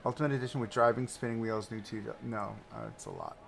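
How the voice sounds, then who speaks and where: A man's voice: lowish voice, gravelly. Chatty man streaming a building game, faint music. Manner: chatty, thinks aloud, quick swings between excitement and mutters. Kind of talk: casual live-stream commentary while building.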